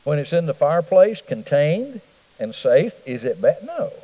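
A man's voice: on the high side, sing-song, normal speed, mellow, slightly rough, in a large hall, rough recording. A middle-aged man teaching a church Bible study in a folksy, conversational way, often asking the room questions. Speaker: pastor. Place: church hall.

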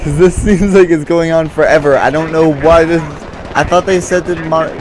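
A man's voice: a little high, steady tone, normal speed, noisy background. Brief: a man doing live gameplay commentary. Confused and frustrated, with faint gunfire behind him. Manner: confused, frustrated muttering, says "dude" a lot. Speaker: gamer.

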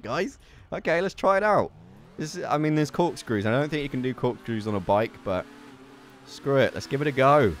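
A young man giving excitable gameplay commentary as a gaming video host, swearing and laughing at his mishaps. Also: medium pitch, moderate pace. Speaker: gaming YouTuber.

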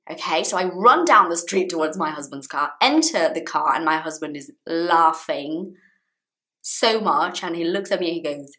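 Brief: bright, animated woman teacher, storytelling to camera, repeats key phrases. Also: lowish voice, moderate pace. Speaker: English teacher.

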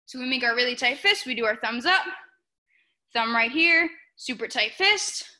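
Bright-voiced woman martial arts instructor. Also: fairly high pitch, expressive, moderate pace. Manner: calls out short commands, shouts sharp yells in demonstrations. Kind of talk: coaching a class through drills. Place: indoor training hall. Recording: roomy echoey hall.

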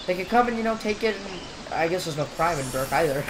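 High-voiced and expressive, a young man talks briskly over background noise as he plays a game. His commentary is chatty and jokey, wandering along with frequent fillers.

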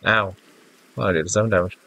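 Low-voiced stuffy gamer man rambling. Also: steady tone, normal speed, vocal fry, bright, forceful tone, dull audio. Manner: rambling, self-mocking, easily flustered. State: congested, stuffy-nosed. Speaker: gaming YouTuber. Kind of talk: casual gameplay commentary. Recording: faint game music behind.

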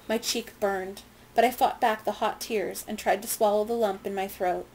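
A woman reads a novel aloud in a measured, plain storytelling voice, now and then stopping to explain. Her pitch sits in the middle range, and a faint background hiss runs under the recording. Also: darkish tone, poor audio. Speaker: reader. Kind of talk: reading a novel aloud with comments.

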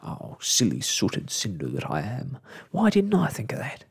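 Brief: man playing an old male lizard, flustered and groaning, breathy soft ASMR storybook delivery. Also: medium pitch, huge pitch swings, unhurried, exaggerated voice. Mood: fretful. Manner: groaning, gasping, fretful exclamations.

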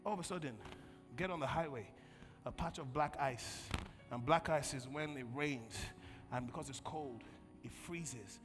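A man preaching a sermon as pastor, calling on the congregation to answer and swinging from loud bursts to quiet storytelling. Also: fairly high pitch, a little slow. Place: large church hall. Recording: long church hall reverb, faint music.

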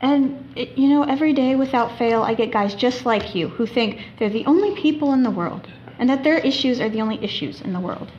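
A student actress playing a tired, exasperated airline gate agent who firmly refuses a passenger. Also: female voice, a little high, animated, fairly quick, dull audio, slight background noise, close to an everyday voice. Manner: firm, exasperated.

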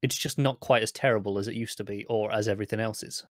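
A man's voice: on the low side, steady tone, fast, no echo. A man co-hosting a casual TV podcast, with dry, sardonic remarks. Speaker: podcast co-host.

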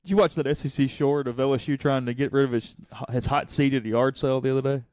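A man's voice: medium pitch, quick pace, no echo, studio quality. Chatty man telling a story. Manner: animated storyteller, chuckling. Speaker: sports podcast host. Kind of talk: casual sports talk.

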